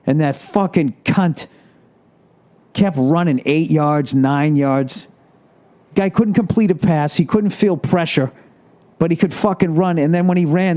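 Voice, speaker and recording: A man riffs through a solo podcast rant, cursing constantly with a sarcastic edge. His voice has a warm, dark tone, and he sounds riled up. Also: fairly high pitch, moderate pace. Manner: profane, ranting, sarcastic; riled up about sports. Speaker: podcast host.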